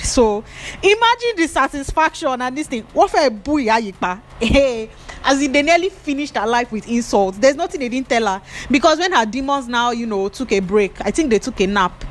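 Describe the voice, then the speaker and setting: A woman with a Nigerian accent, a hairdresser vlogger, telling an animated gossip story while she braids. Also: on the high side, a little hiss or hum. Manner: animated, chatty gossip with pidgin fillers.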